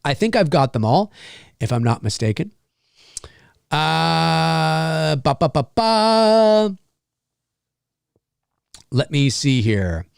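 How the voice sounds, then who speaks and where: A man hosting a live question-and-answer stream as a voice actor, talking in a rambling, animated way and swearing freely. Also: on the high side, slow, creaky, no echo, clean studio sound. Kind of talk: casual live-stream chat.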